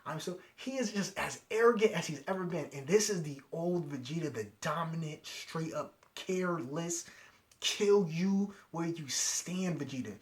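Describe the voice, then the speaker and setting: A young man talks fast and excitedly through an episode recap, acting out the scenes and quoting lines as he goes. His voice sits a little higher than most men's. He sounds like a fan reviewer gushing over a favorite episode. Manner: animated, retells scenes with quoted lines and sound effects. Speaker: anime reviewer.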